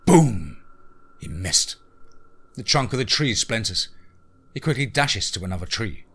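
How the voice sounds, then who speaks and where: A man's voice: lowish voice, lively intonation, normal speed, bright, forceful tone, breathy edge. A man narrating a scripted horror story in a dramatic, tense present-tense reading.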